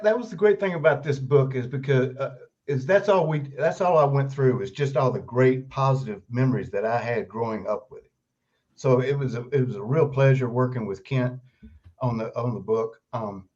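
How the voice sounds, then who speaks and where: An older man, a guest author, telling animated stories in an interview and laughing often as he goes. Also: mid-range voice. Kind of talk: storytelling interview. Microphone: video call. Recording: dull lo-fi remote call audio.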